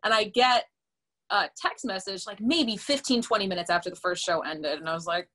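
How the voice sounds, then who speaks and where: A young woman in her twenties, a podcast guest, telling a story in a casual, animated way with lots of fillers. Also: medium pitch, brisk. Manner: animated and chatty, many fillers, laughs often. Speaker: podcast guest, musical theater performer.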